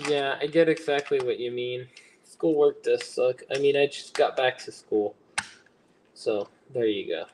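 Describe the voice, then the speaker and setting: A man's voice: medium pitch, a little slow, a little mellow, a little hiss or hum. A young man hosting a casual livestream while he builds, chatting and rambling as he answers viewers. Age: young adult. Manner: chatty and rambling, reading chat aloud and answering it. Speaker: livestream host.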